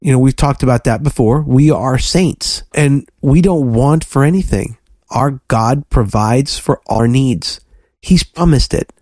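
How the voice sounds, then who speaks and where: A man co-hosting a faith podcast, preaching fervently and telling lively stories to his listeners. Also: mid-range voice, a little slow, dry recording, clean studio sound. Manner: fervent, preachy, animated storytelling. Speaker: podcast co-host.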